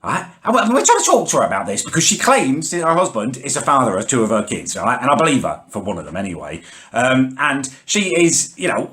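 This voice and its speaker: A man's voice: mid-range voice, very animated, fairly quick, fairly bright tone. A man ranting to camera as a comedy vlogger, exasperated, indignant and full of swearing. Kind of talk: comic rant to camera.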